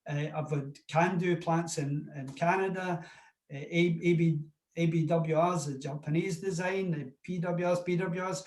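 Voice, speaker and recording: A man's voice: a little high, fairly even intonation, normal speed, a little mellow, echoey room. A man with a Scottish accent speaking plainly and confidently as a panelist in a discussion.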